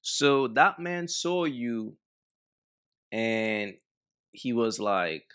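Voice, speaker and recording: A man's voice: medium pitch, animated, extremely slow, pauses often, a bit bright, clean tone. A man hosting a reaction channel, giving blunt, mocking commentary on a clip and talking straight to his viewers. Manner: blunt, mocking, talks to the fellas.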